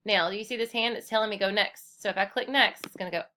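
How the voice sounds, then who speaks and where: A woman's voice: medium pitch, quick pace, pushed and bright, slight background noise. A woman teaching a kindergarten class through a screen-recorded computer lesson. She speaks in a cheerful, encouraging way and calls the children friends.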